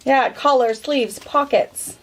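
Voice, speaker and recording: A woman's voice: high voice, takes it slowly, a little hiss or hum. A woman co-hosting a casual box-opening chat, upbeat and reading product blurbs aloud. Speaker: shop host.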